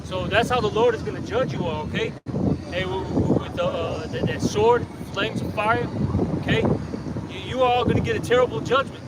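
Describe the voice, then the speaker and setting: A man's voice: sits high, a little fast. A man preaching in the street, confrontational and emphatic, often checking with "okay?". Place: outdoors on a city street. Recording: distant outdoor recording with street noise.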